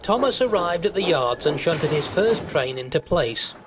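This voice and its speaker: A man narrating a children's storybook tale in a steady storytelling manner. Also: a little high, normal speed, noisy background. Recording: loud background music.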